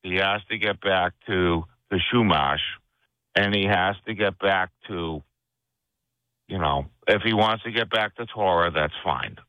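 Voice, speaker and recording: A man's voice: deep voice, a little slow, no room sound, lo-fi sound. A man calling in to a radio show, talking eagerly and effusively. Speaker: caller. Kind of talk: radio call-in.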